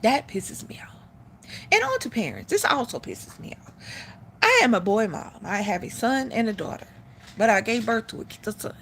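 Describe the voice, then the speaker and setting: Sassy, blunt high-voiced woman. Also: wildly swooping pitch, normal speed, a bit bright, slight background noise. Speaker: live stream host. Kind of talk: casual opinion talk.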